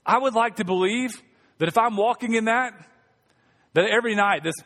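A man's voice: high-pitched, moderate pace, a bit bright, big-room sound. A male pastor preaching a sermon in a conversational, humorous way, calling on the congregation to respond. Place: church sanctuary.

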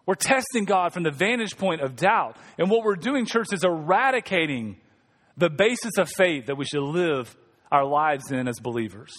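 A man's voice: fairly high pitch, lively intonation, moderate pace, fairly bright tone, in a large hall. A male pastor preaching a sermon in a conversational, humorous way, calling on the congregation to respond. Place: church sanctuary.

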